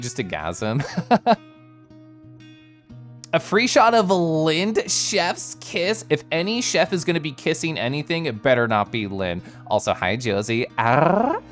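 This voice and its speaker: A man with a medium-pitched, somewhat bright voice streams live, chatting casually as he reads viewer messages. He greets people by name in a bubbly, giggly way.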